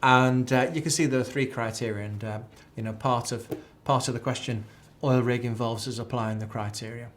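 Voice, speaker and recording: A man's voice: medium pitch, steady tone, normal speed, few pauses, a little hiss or hum. Chatty man drilling exam technique. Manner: chatty, repeats key phrases like a drill. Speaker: accounting tutor. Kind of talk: live exam tuition lecture.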